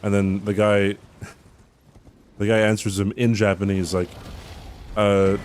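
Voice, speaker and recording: A man's voice: fairly low pitch, little pitch movement, unhurried, pauses often, darkish tone, a little hiss or hum. A man streaming a game, chatting casually with his viewers in a rambling way, swearing and laughing as he reads the chat.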